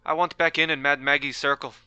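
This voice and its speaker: A man's voice: a little high, level tone, fast talker, bright, forceful tone, clear, resonant tone, no room sound, dull audio. A man voicing a sly, jokey male outlaw gang boss in a put-on British or Irish accent, smug and teasing as he bargains. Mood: smug bargaining.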